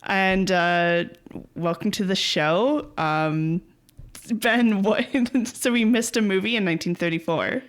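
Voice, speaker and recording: A woman's voice: mid-range voice, takes it slowly. A woman co-hosting a podcast in casual chat, playful and teasing, laughing often. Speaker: podcast co-host.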